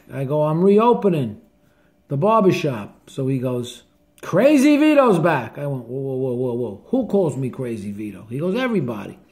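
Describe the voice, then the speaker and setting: An older man with a thick New Jersey accent tells stories to the camera in a loose, casual way. He is blunt and salty and swears without a second thought. His voice sits slightly high for a man. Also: a little mellow. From northern New Jersey. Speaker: barber and author telling stories.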